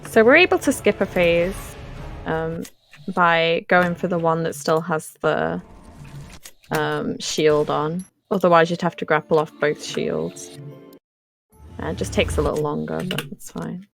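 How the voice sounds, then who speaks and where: A woman casually commentating her own speedrun, explaining the tricks in a relaxed way with frequent ums. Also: deep voice, a little slow, vocal fry, faint music behind.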